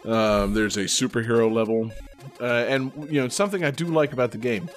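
A man's voice: medium pitch, brisk, faint music behind. A man with a Boston accent chatting casually on a podcast, rambling with many fillers and laughing often. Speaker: podcast co-host.

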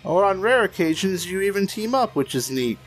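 A man's voice: sits high, lively intonation, brisk, soft background music. A man chatting on a podcast in a loose, rambling way, full of fillers and casual swearing. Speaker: podcast co-host. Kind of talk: casual chat.

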